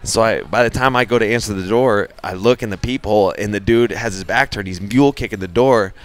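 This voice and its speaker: A man's voice: lowish voice, brisk, clear, resonant tone. A man telling a story as a guest on a radio show, laid-back and full of fillers. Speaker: guest fighter. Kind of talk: casual storytelling.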